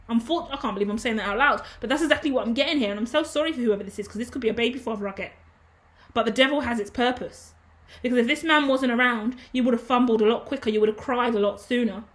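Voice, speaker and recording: A woman giving a casual tarot reading, emphatic and preachy, swearing freely. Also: on the high side. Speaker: tarot reader.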